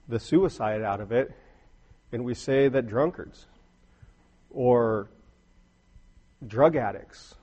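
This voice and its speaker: Middle-aged male preacher, husky, earnest storyteller who builds to emphatic peaks. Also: mid-range voice, dull audio. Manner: earnest, rising to emphatic bursts, storytelling asides. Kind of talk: sermon.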